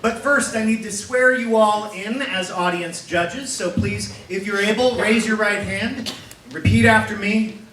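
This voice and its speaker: Young male emcee, jokey, high bright voice, live improv show, echoey hall from far off. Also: a little slow, background noise.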